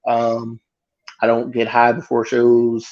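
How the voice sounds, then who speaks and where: A man, a guest comedian, telling a story in casual chat with lively, freely swearing delivery. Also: medium pitch, slow pace, muffled recording. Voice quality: animated retelling, swearing freely.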